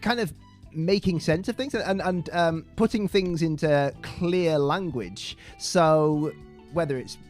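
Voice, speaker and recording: A man's voice: fairly high pitch, slow pace, darkish tone, soft background music. A man with a Northern English accent, from Manchester, chatting as a podcast guest in a self-deprecating way, often stammering and restarting. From Manchester, England. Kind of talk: casual interview chat.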